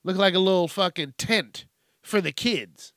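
A man's voice: high-pitched, measured pace, dry recording. Podcast host, male, profane comic rant, dry close sound. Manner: profane, animated, acts out voices. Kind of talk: casual comedic rant.

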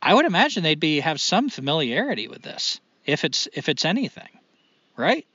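A man co-hosting a casual podcast, joking and animated. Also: moderate pace, breathy edge, no echo, lo-fi sound. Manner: joking, animated, swings up in pitch. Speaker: podcast co-host.

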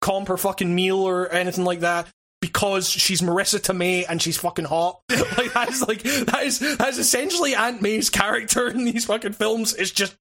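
A man's voice: sits high, moderate pace, pushed and bright. A man co-hosting a casual movie chat, rambling, swearing and laughing. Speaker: podcast co-host.

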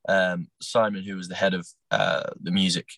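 A young man recounting his time as a talent show contestant, animated and acting out what others said, with plenty of restarts. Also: low voice, normal speed, gravelly, dry recording, poor audio. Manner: animated storyteller, acts out quotes, frequent restarts. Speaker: podcast guest, former talent show contestant. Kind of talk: casual interview storytelling.

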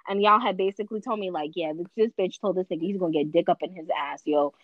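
A woman telling family stories in casual chat, profane and animated. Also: lowish voice, fast talker, no room sound, lo-fi sound.

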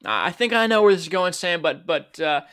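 A man's voice: a little high, big pitch swings, moderate pace, fairly bright tone, clear, resonant tone, dry recording, studio quality. A man co-hosting a podcast, talking casually and prompting his partner with questions. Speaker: podcast co-host. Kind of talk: conversational podcast talk.

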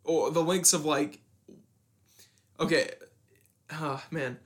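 A young man casually talking about a horror film as podcast co-host, in a loose, halting way with restarts. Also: fairly high pitch, fairly even intonation. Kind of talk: casual film review chat.

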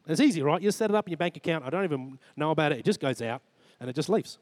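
A man in his forties with an Australian accent preaches a sermon in church, earnestly telling a personal story and acting out his conversations with God. His voice is fairly high with lively intonation, delivered rapid-fire with no room sound.

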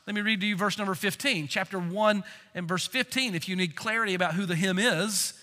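Male preacher, high and bright-toned, lively emphatic delivery that rises and drops, long hall echo. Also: brisk. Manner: emphatic, animated preaching that swings from loud to quiet. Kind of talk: expository sermon with scripture reading.

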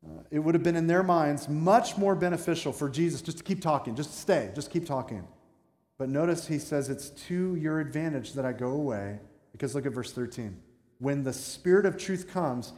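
In a church sanctuary with long, echoing reverb, a pastor with a higher, darkish voice delivers a conversational sermon, breaking off for asides to the congregation.

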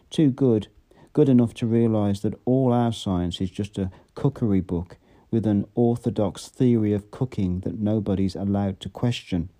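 A man's voice: fairly low pitch, warm tone. A man voicing a dry, sarcastic, world-weary middle-aged ruler in an audiobook reading.

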